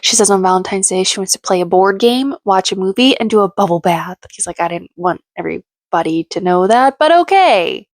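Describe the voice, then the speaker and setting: A woman's voice: mid-range voice, a little fast, hardly any pauses, dry recording. A woman giving a casual commentary recap of a reality show, with sarcastic, snarky asides.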